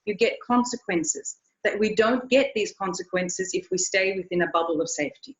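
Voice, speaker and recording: A woman's voice: medium pitch, moderate pace. Lo-fi echoey woman telling a story. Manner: earnest, repeats words as she tells a story. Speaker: riding instructor. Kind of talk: storytelling in a recorded interview. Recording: echoey, dull lo-fi sound.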